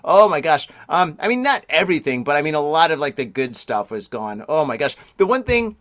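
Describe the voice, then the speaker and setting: A man in his forties hosting a podcast in a rambling, chatty way, exclaiming and laughing often, his voice a bit deeper while he recovers from strep throat. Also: very animated, a little fast, fairly bright tone, no echo. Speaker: podcast host. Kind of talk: casual podcast chat.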